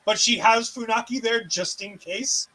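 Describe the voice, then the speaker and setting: A man's voice: high-pitched, measured pace, bright, forceful tone, poor audio. A man co-hosting a casual wrestling recap, retelling scenes with sarcastic asides and acted-out quotes. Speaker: co-host.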